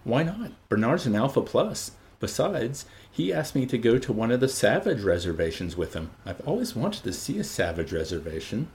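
Breezy young woman, voiced by a gravelly man. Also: mid-range voice, sing-song, normal speed, few pauses, darkish tone.

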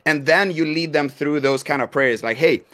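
A man's voice: on the high side, moderate pace, pushed and bright. A married man giving practical explanations in a casual chat. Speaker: guest minister.

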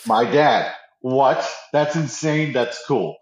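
Speaking at a medium pitch, a man talks slowly but with animation, gushing about a TV show in a casual pop-culture chat. He's enthusiastic, often stumbles and starts over, and acts out quotes. The audio sounds roomy and slightly dull.

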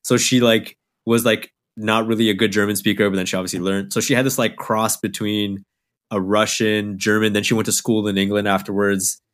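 A man's voice: lowish voice, flat delivery, fairly quick, a bit bright. A man co-hosting a podcast, chatting loosely with lots of swearing and laughter. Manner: loose, profane, laughs a lot. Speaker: podcast co-host. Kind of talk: casual chat.

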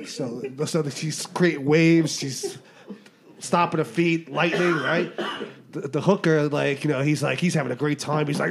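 A man co-hosting a podcast, telling a crude, rambling joke with loud acted punchlines. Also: fairly high pitch, fairly even intonation, a little slow, vocal fry, background noise. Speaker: podcast co-host. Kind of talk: casual banter and joke telling.

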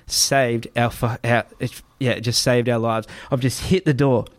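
A young man appears as a guest and casually recounts a story in a medium-pitched, fairly even voice at a moderate pace. The sound is dry and close. He swears heavily and restarts phrases throughout his vivid retelling.

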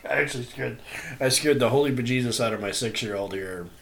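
A man's voice: medium pitch, fast talker, creaky, slight background noise. Man hosting a casual podcast. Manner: animated storyteller, acts out screams. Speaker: podcast host. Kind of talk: casual chat, reading stories aloud.

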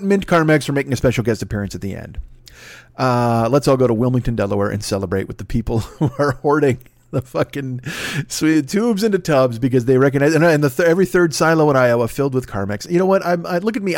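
A man's voice: medium pitch, lively intonation, fast, a little mellow, no room sound, clean studio sound. A man hosting a solo comedy podcast, rambling through profane, self-mocking riffs. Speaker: podcast host.

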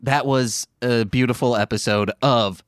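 A man co-hosting a podcast in casual chat, relaxed and teasing, with bursts of enthusiasm. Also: medium pitch, a little slow, very noisy. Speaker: podcast co-host.

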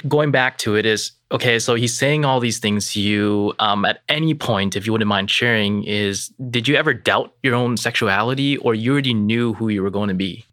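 A man's voice: lowish voice, normal speed, few pauses, a bit bright, no echo, studio quality. A man hosting a podcast, asking his guest curious, encouraging questions in a casual interview. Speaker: podcast host.

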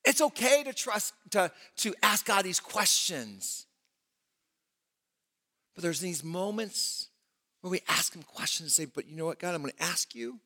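A man preaching a sermon to a congregation, animated and conversational, acting out scripture dialogues. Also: on the high side, long reverb tail. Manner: animated preaching, voicing prophet and God in dialogue. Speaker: pastor.

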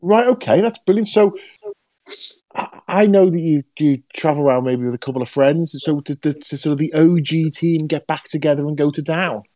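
Joking podcast host. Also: male voice, fairly high pitch, normal speed, mellow, no echo. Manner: jokey, teasing banter. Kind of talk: casual podcast chat.

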